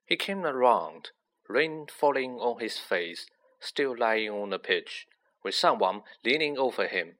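A man reading a children's fantasy novel aloud with slow, lively storybook narration. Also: mid-range voice. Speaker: audiobook reader.

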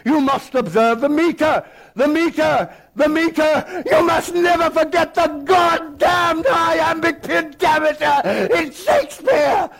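A man's voice: high-pitched, lively intonation, measured pace, pitched above the performer's own voice. A man voicing a furious older male schoolmaster in a theatrical storytelling performance; the character shrieks with spitting rage or turns to icy formality. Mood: screaming.

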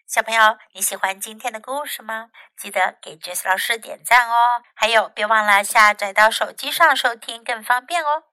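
A cheerful woman teaching English to young children, moving between English and Chinese. Her voice is bright and lifted, pitched a little high, and sits close and dry with no room around it. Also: moderate pace, hardly any pauses, no room sound.

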